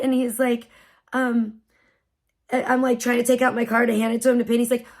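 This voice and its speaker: A woman's voice: fairly high pitch, flat delivery, normal speed, a little mellow. A woman live streamer telling a story in a rambling, frazzled way and swearing freely. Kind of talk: casual storytelling on a livestream.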